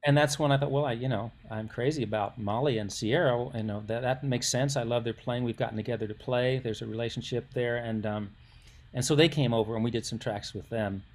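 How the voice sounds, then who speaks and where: A man's voice: medium pitch, steady tone, a little fast. Older male musician guest, casual anecdotal storyteller, rambling and self-interrupting.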